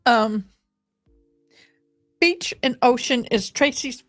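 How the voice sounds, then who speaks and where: A woman's voice: fairly high pitch, measured pace, pauses often, no echo. A woman livestreaming a game in a casual chat, talking straight to her viewers. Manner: chatty, addresses viewers directly. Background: faint game music.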